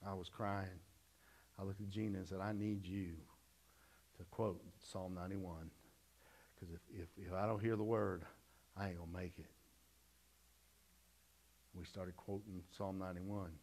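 Folksy pastor telling a story. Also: male voice, sits low, steady tone, unhurried, pauses often. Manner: folksy storytelling testimony, swings from loud to hushed. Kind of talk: sermon.

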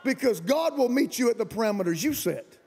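A man preaching a fiery sermon as guest pastor, shouting and colloquial. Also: very high voice, lively intonation, fairly quick, some chatter behind, slight background noise. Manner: shouting, colloquial, Southern-style preaching with rising emphasis. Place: large camp meeting venue.

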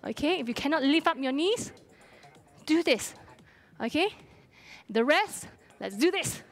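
A woman's voice: sits high, lively intonation, a little slow. A woman fitness instructor coaching a live workout, encouraging and cheering her class on while out of breath. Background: faint music.

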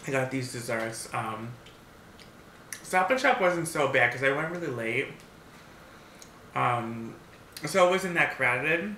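A man with a bright, forceful voice eats on camera and tells a story in an animated, blunt way, swearing freely. His sound bounces around an echoey room over a faint hiss. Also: medium pitch, takes it slowly, long pauses. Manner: animated, talks while eating; blunt and profane. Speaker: vlogger. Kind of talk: mukbang story time.

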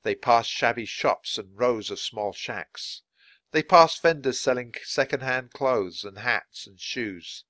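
A man reading a children's storybook aloud in a clear, measured way for learners. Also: medium pitch, a bit bright, no room sound. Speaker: storybook reader. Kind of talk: children's book read-aloud.

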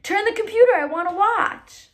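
A woman's voice: very high-pitched, moderate pace, voice pushed up. A woman reading aloud voices a male army tank commander who gets emotional over his dog. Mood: excited.

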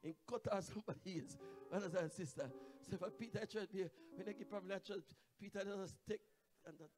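A man with a Jamaican accent, preaching a Pentecostal sermon as guest evangelist. He calls out to the congregation and swings from quiet asides to shouted, sung climaxes. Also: high voice, fairly quick, music in the background. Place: church sanctuary.

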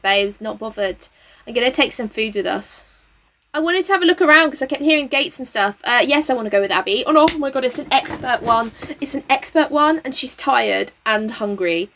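A young woman talks over her gameplay in a loose, chatty way, reacting loudly and dropping slang as she goes. Her voice sits high for a woman, and her talk is excitable. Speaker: game streamer. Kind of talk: casual gameplay commentary.

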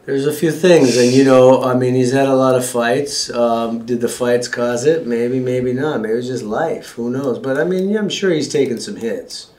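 A man's voice: mid-range voice, normal speed, hardly any pauses, a little mellow, echoey room, poor audio. A man working as a chiropractor, explaining x-rays and exam findings to a patient in a casual, joking way. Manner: casual, joking, talks as he shows. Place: clinic exam room.

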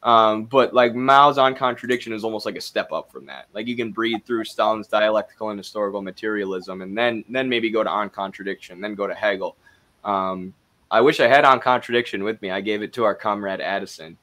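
A man's voice: lowish voice, brisk, bright, forceful tone. A man with a Wisconsin accent, co-hosting a casual discussion in a loose, chatty way full of fillers. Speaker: co-host.

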